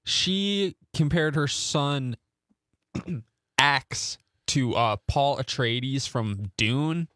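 Slow-talking wry man on radio. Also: mid-range voice, a bit bright, dry recording, clean studio sound. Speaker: radio show contributor. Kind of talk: casual radio chat.

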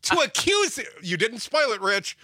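A man hosting a political talk radio show, trading sarcastic jabs with a lively, quick delivery. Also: extremely high pitch, no echo, studio quality.

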